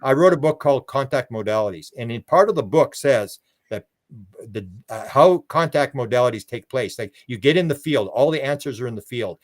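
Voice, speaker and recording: A man's voice: medium pitch, lively intonation, a little fast. Older man telling rambling stories. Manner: rambling, repeats words, acts out quoted voices. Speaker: guest, UFO researcher. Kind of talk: casual storytelling interview.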